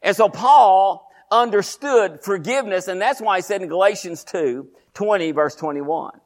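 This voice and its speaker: Male preacher, slightly higher pitch; rapid, emphatic delivery that circles back on its phrases. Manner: fast-talking, emphatic, repeats phrases. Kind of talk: sermon.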